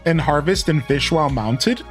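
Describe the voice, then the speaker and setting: A man's voice: a little high, expressive, moderate pace, faint music behind. Rambling young male streamer. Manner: rambling storyteller, lots of fillers. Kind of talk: casual chat while playing.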